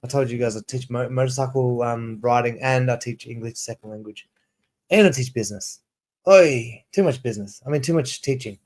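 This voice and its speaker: A man's voice: mid-range voice, brisk, a little mellow. A man in his thirties, an English teacher chatting casually on a livestream, rambling and restarting sentences as he reads prompts aloud. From South Africa. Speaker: ESL teacher and streamer.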